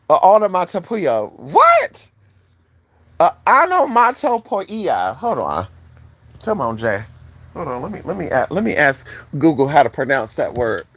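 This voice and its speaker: Animated chatty woman vlogger. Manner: animated, swoops high for quoted voices, chatty asides to viewers. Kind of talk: casual storytelling to viewers.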